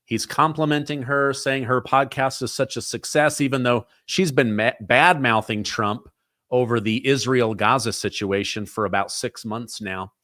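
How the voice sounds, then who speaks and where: A male host giving excitable, conversational news commentary. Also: mid-range voice, moderate pace, no echo, clean studio sound.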